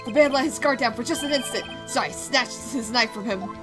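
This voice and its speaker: A woman's voice: a little high, fairly quick, music in the background, close to an everyday voice. A woman voicing a jittery, eager young male police officer who barks "sir" at the end of his lines. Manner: loud, ends lines with a barked "sir".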